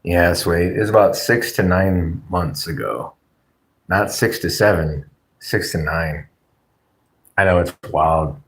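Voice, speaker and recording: Deep-voiced, laid-back male streamer. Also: takes it slowly. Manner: rambling, joking, crude, reads chat aloud. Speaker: livestream host. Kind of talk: casual livestream chat.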